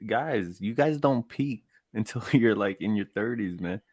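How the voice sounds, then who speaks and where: A man's voice: lowish voice, animated, unhurried, a little mellow, no room sound, clean studio sound. A young man co-hosting a casual comedy podcast who teases and jokes. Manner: joking, teasing interjections. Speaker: podcast co-host.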